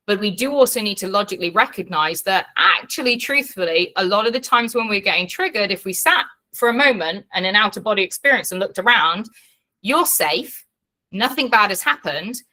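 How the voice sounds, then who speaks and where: A woman's voice: medium pitch, pushed and bright. A woman teaching an online class as a coach, talking frankly and bluntly, swearing freely and checking in with her listeners.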